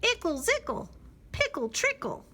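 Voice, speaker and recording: A cheeky little red bird chants nonsense rhymes in a high, bouncy voice, as a woman reading a storybook puts it on. The pitch hops all over, eager and encouraging. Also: huge pitch swings, unhurried, sharp tone, slight background noise, full character voice. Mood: playful. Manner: encouraging, playful.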